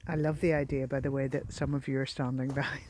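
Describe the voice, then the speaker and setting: A woman narrating as she beachcombs outdoors, soft-spoken and given to delighted exclamations, sometimes dropping to a near whisper. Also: extremely low pitch, little pitch movement, fast talker, very noisy. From Northern Ireland. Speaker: beachcombing vlogger. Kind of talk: casual narration while walking.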